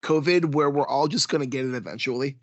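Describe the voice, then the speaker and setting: A man hosting a casual podcast chat, his voice a little strained from yelling, animated and quick to laugh. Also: mid-range voice, no echo, highs cut off. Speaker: podcast host.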